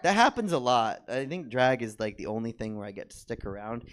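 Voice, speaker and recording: A man's voice: medium pitch, big pitch swings, fairly quick. A young adult man doing a stand-up comedy set, rambling and filling his talk with "like" and other fillers. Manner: rambling, filler-heavy with constant "like". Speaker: stand-up comedian and drag performer. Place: comedy theater stage.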